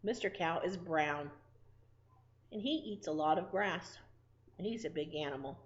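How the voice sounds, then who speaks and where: A woman preschool teacher leads a circle time lesson. She talks slowly and sing-song to small children. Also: lowish voice, highs cut off.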